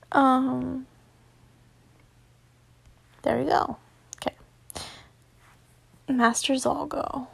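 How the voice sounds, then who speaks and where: A woman's voice: high-pitched, unhurried, gravelly. A young woman reading fan fiction aloud, giggly and stumbling, with casual swearing asides.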